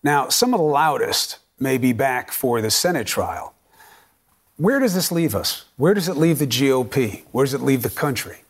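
A man anchoring a cable news interview, pressing his guest in a forceful, argumentative way. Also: mid-range voice, lively intonation, moderate pace, few pauses, husky.

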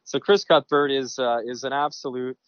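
A man, a sports broadcaster, telling lively anecdotes in a casual interview with many restarts. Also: mid-range voice, moderate pace, clear, resonant tone, dry recording. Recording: dry, dull lo-fi sound.

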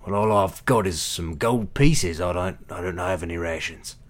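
Figure: a man doing a wisecracking turtle adventurer. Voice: very low. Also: moderate pace, lightly acted. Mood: wry. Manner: wry, rambling, hesitant. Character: hungry, wisecracking male turtle adventurer seeking vengeance.

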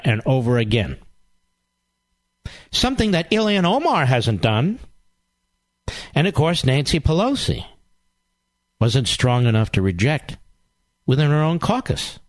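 A man's voice: mid-range voice, big pitch swings, measured pace, long pauses, no echo. A man hosting a political talk show, delivering a combative, sarcastic monologue full of rhetorical questions and repetition.

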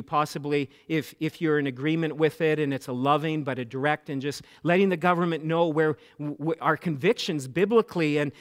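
A man, a pastor preaching a sermon, earnest and impassioned, then softer in prayer. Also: fairly high pitch. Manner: impassioned when retelling, hushed and slow in prayer.

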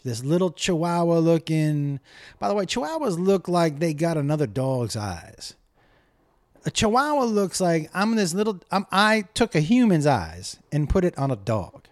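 A middle-aged man telling a comic rant to camera, profane and exasperated as he tells a story. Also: sits high.

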